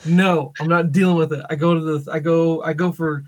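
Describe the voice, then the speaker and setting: Podcast co-host, male, husky and fairly high, lively storyteller who laughs a lot. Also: a little fast. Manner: animated storytelling, laughs often. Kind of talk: casual chat.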